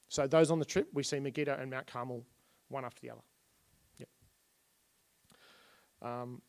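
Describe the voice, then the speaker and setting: A man teaching Bible history to a church group, with a voice of middling pitch. He talks casually and retells the old stories in plain everyday language while pointing things out on slides.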